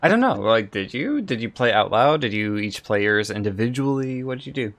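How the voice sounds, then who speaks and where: Game master, relaxed, mid-pitched, casual narration. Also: a little fast.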